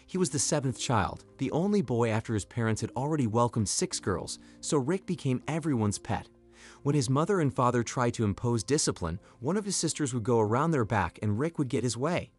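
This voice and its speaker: Brief: male narrator, scripted story read, lively pitch, faint music bed. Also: a little fast, husky.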